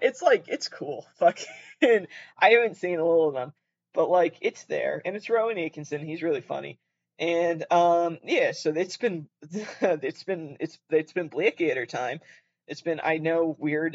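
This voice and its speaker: Young man, Canadian accent, podcast host, casual rambling chat, frequent swearing, self-corrections, slightly high voice. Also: lo-fi sound. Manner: rambling, swears a lot, corrects himself often.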